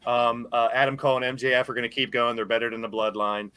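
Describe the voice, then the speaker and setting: A man's voice: mid-range voice, fast talker, few pauses, sharp tone, slight background noise. A man in his fifties co-hosting a podcast, chatting casually, cracking corny jokes and swearing freely. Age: 50s. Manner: jokey, self-mocking, swears freely. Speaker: podcast co-host. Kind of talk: casual chat.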